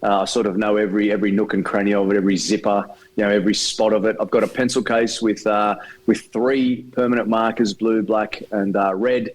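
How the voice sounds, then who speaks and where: A man's voice: fairly low pitch, level tone, fairly quick, poor audio. A man, a stadium announcer talking as a guest on a casual podcast and rambling with lots of "you know" and "look". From Australia.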